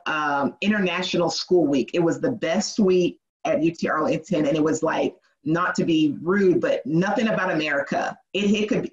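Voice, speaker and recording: A lawyer as a podcast guest, telling lively stories and acting out what people said. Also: medium pitch. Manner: animated storytelling, acts out quoted voices, laughs often. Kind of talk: casual interview. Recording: dull, muffled sound.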